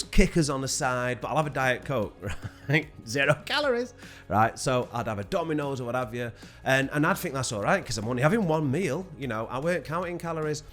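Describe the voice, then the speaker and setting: A man talking casually to camera about weight loss, swearing and laughing as he goes. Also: medium pitch. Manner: animated, swearing, laughing often.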